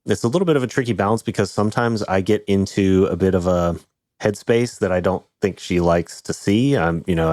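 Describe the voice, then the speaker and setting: A man hosting a podcast, talking in a reflective, measured way. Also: low voice, a little mellow, no room sound, studio quality. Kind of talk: casual conversation.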